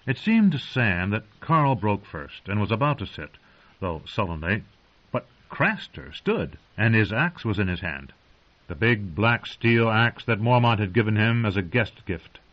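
A man reading an audiobook in a steady, dramatic narration, on a dull lo-fi recording. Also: on the low side.

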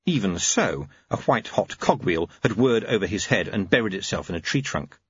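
Male narrator, wry storyteller, lowish husky voice, dull lo-fi dry recording. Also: lively intonation, normal speed, a bit bright, no room sound. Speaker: audiobook narrator. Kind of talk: scripted narration.

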